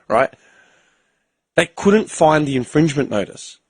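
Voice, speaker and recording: An Australian man with a husky voice and a dry, close sound tells a story in a profane, animated way. He acts out every voice in the exchange himself. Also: fairly high pitch, unhurried, no echo. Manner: profane, animated storyteller who acts out both sides of conversations. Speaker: podcast host. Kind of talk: casual storytelling chat.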